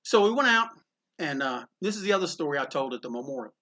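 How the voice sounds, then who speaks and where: A man's voice: a little high, sing-song, fast, pushed and bright. A man who owns a comic book store, telling anecdotes in a rambling, casual way with frequent restarts and some swearing. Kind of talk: anecdotal storytelling in a conversation.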